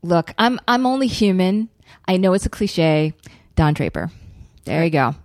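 An American woman chats casually as a podcast guest. She talks in a lower register, chatty and halting with fillers. Her voice sits close and dry on the microphone. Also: expressive, dry recording. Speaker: podcast guest, screenwriting teacher. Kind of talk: casual chat.

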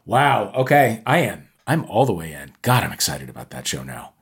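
A man hosting a comedy podcast game show, playful and animated, his voice jumping up for emphasis. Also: lowish voice, normal speed, gravelly.

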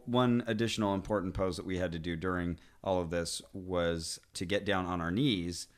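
A man's voice: sits low, steady tone, moderate pace. A man co-hosting a podcast, chatting casually and telling a rambling, self-deprecating story with little chuckles. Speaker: podcast co-host. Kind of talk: casual chat.

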